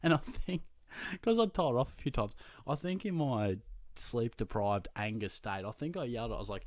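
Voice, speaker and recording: A young Australian man, a podcast host, telling a profane, self-mocking anecdote in a casual, animated way. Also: on the low side, moderate pace, dry recording. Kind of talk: casual storytelling.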